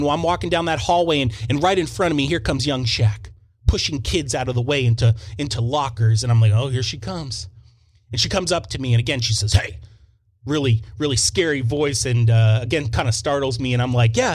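A young man telling a personal story in an animated, self-mocking way, often repeating words as he goes. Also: fairly high pitch. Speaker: storyteller on a faith show.

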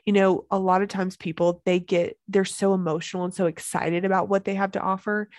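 A woman's voice: mid-range voice, little pitch movement, brisk, darkish tone, dry recording. A woman hosting a solo podcast as a business coach, talking with energy and emphasis and repeating key phrases.

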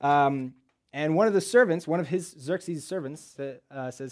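A man preaching in a church, retelling a Bible story in a casual, joking way with rhetorical questions and quick asides. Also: a little high.

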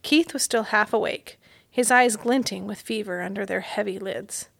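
A woman as a guest reader, reading a children's chapter book aloud in a measured storytelling manner. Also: medium pitch, creaky, fairly bright tone, dry recording.

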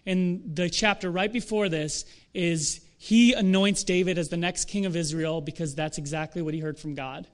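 Young man, high voice, preaching, casual and animated, joking at himself. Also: moderate pace, few pauses. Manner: conversational, animated, self-deprecating asides. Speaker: pastor. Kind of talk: sermon.

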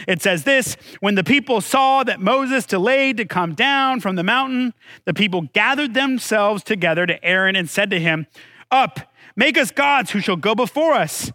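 In a dry recording, a pastor with a high-pitched, sharp voice preaches a conversational sermon. He asks his congregation questions and tells the story with dramatic drops in his voice.

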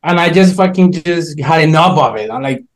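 A young man, a DJ and podcast co-host, talking excitedly in casual chat, swearing often and repeating words. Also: fairly high pitch, brisk.

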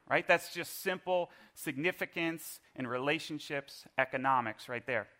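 A middle-aged man preaching a sermon in church, telling a lively personal story and leading the congregation in call-and-response. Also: a little high, normal speed, few pauses. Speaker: pastor. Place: church service.

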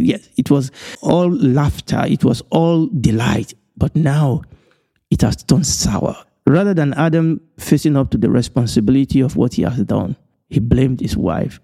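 Guy preaching a bible lesson, soft mellow tone, keeps repeating lines for emphasis. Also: medium pitch, lively intonation, unhurried, gravelly. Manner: repetitive, emphatic phrasing with chuckles. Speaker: Bible teacher. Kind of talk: Bible teaching broadcast.

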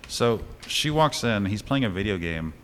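A man with a very low voice talks casually through a film he's reviewing, retelling scenes with animated energy and a chuckle here and there. A faint hum of background noise sits under him. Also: moderate pace. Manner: animated storytelling with chuckles and fillers. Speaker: podcast co-host reviewing a film. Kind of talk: casual chat.

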